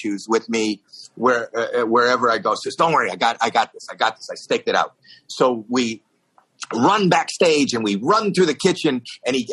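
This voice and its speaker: A middle-aged man telling a long comic story on a talk show, acting out the voices with high squeaks. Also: a bit bright, husky, rough recording. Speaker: stand-up comedian guest telling a story.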